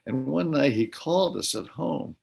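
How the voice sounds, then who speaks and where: Older man, gravelly husky voice. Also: fairly high pitch, lively intonation, a little mellow. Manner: hesitant, many filler pauses while recounting. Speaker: guest, dementia advocate. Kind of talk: radio interview talk.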